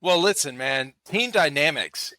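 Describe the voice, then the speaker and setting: Male podcast host, fired-up and profane, forceful bright voice, dry sound. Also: fairly high pitch, animated, measured pace, dry recording. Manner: hyped, profane, laughs often. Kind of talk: casual chat.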